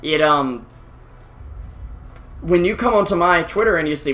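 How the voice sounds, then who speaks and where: A man's voice: on the high side, brisk, a bit bright. A male esports caster in casual chat, self-deprecating, breathing heavily into a close mic. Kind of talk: casual chat between game commentary.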